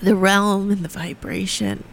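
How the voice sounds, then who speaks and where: A speaker in a radio studio giving a heartfelt, reflective monologue, halting with frequent restarts and sometimes dropping into a near whisper. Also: medium pitch, level tone, creaky, slight background noise. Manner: earnest and heartfelt, drifting at times into a near whisper. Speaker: radio show speaker on grief and spirit communication.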